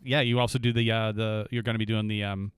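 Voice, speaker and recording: A man's voice: on the low side, level tone, fast, smooth, no echo, studio quality. A man hosting a podcast interview, joking easily with his guest. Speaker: podcast host.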